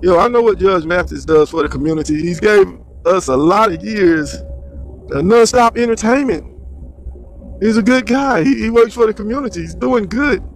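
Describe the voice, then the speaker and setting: A man's voice: high-pitched, lively intonation, moderate pace, creaky, a little hiss or hum. A man giving slangy, rambling solo commentary on the news.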